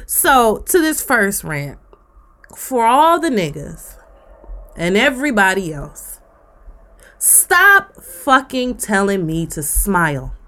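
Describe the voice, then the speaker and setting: A woman's voice: mid-range voice, sing-song, takes it slowly, sharp tone. A woman, co-hosting a podcast and ranting bluntly with profanity. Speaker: podcast co-host. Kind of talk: casual rant on a podcast.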